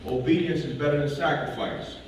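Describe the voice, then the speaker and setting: High-voiced man speaking in an echoey hall. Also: steady tone, brisk. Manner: emphatic, repeats key lines, keeps asking "right?". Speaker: motivational speaker. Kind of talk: motivational speech to a live audience. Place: large hall with an audience. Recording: echoey hall from far off, faint noise.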